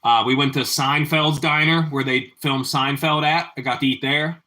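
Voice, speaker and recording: A man's voice: medium pitch, fairly even intonation, normal speed, sharp tone. A man hosting a livestream from his home kitchen, chatting casually with viewers while he cooks and often repeating his phrases. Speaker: livestream host. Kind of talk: casual chat while cooking.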